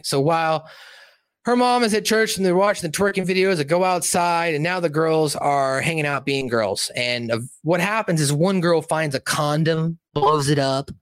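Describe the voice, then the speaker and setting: A man's voice: on the high side, dry recording. A young man reviewing a movie on a casual livestream, rambling and swearing, with many fillers.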